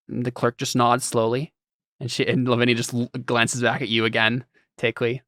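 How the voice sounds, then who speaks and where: A man narrating a tabletop game as game master, talking casually with plenty of fillers. His voice sits in a middle pitch, recorded close and dry. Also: level tone, fairly quick, a bit bright, no echo. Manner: casual, conversational, filler-heavy.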